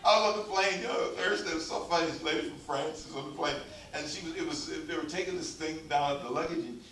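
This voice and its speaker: A pastor preaching a humorous, exhorting sermon in a church sanctuary and drawing the congregation into call and response. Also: male voice, on the high side, quick pace, a bit bright. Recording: echoey church hall, mic far off.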